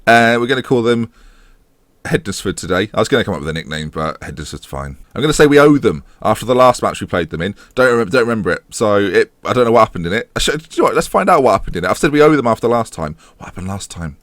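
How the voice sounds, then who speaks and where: Male gaming host, animated, sarcastic, dry close sound. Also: fairly low pitch, quick pace, no echo. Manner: sarcastic, self-mocking, mock match commentary. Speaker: gaming YouTuber. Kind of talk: casual let's-play commentary.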